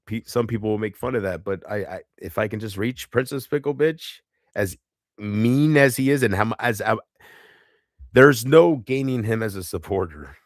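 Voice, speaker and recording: A man talking on a livestream in a halting, emotional way, stopping, restarting and trailing off. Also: lowish voice, no room sound, clean studio sound. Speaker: live streamer. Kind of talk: casual livestream chat.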